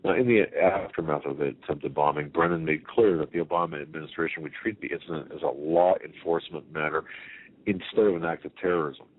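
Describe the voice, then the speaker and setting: A man's voice: extremely low pitch, fast, slightly rough. A man hosting a talk radio conversation, emphatic and rambling, often restarting and asking rhetorical questions. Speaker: radio show host. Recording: tinny phone-line sound with faint hiss.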